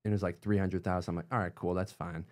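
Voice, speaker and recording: A young man telling a story as a podcast guest, animated, with many fillers and quotes acted out in a much higher voice. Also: fast. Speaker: guest, YouTuber. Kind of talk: casual storytelling interview.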